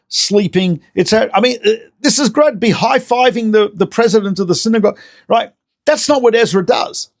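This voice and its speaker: A man, a rabbi, giving a recorded lecture as an animated storyteller who repeats words and corrects himself. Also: sits high.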